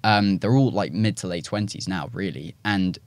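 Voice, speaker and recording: A man's voice: sits low, moderate pace, no room sound. A man hosting a podcast, encouraging his guest and asking questions in casual chat. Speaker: podcast host.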